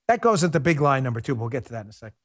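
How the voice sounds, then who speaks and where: A man's voice: medium pitch, very animated, racing, dry recording, studio quality. A man hosting a political commentary show, delivering a sarcastic, mocking opinion monologue.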